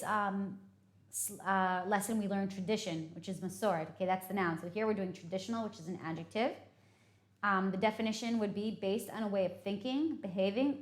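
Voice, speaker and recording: A woman teaching English vocabulary, explaining patiently and often checking in with "okay?". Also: mid-range voice. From United States. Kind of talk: vocabulary lesson. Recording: echoey room.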